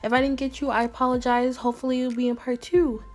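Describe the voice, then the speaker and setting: High-ish voiced woman chatting to her fans, playful and slangy, light music in the back. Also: flat delivery, fast, a little mellow. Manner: playful, slangy, upbeat, talks straight to viewers. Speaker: YouTuber replying to fan messages. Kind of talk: casual chatty vlog.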